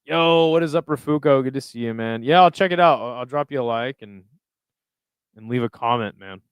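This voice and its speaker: A man's voice: medium pitch, a little fast, clear, resonant tone, no room sound. A young man hosting a live stream, chatting casually and reading viewer comments aloud in a loose, profane, rambling way. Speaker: livestream host reading chat.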